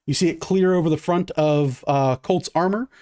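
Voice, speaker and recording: Guy game-mastering a tabletop game, kinda high voice, lotta uhs, chill. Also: moderate pace. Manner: relaxed, many "uh" fillers, counts out dice. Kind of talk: running a tabletop game, casual narration.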